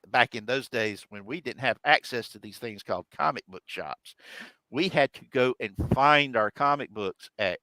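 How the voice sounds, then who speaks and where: A middle-aged man hosts a casual chat and tells a long personal story with animated energy, acting out what the other people said. His voice sits at an average pitch with a bright, forceful edge. The sound is dry and close to the mic. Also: no echo, poor audio. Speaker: host.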